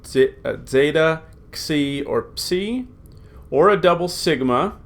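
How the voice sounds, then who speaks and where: A middle-aged man with a slightly high voice speaks slowly and animatedly while teaching a recorded Greek grammar lesson. He's patient and plain, repeating forms aloud with lots of filler sounds.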